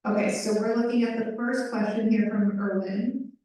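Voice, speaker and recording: A woman voicing a panelist's signing into speech at a live panel, brisk and conversational with fillers. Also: mid-range voice, steady tone, dark tone. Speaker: sign language voice interpreter. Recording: echoey room, far from mic.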